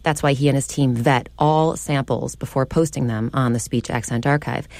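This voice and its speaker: A woman's voice: a bass voice, steady tone, moderate pace, a little mellow, dry recording. A woman reporting a radio feature in a conversational, lightly playful narration.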